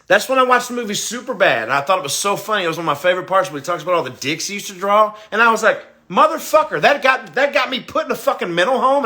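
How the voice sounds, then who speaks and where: A man hosting a livestream, talking bluntly and profanely in a confessional rant that swings into loud, excited, laughing bursts. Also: high-pitched. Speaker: livestream host.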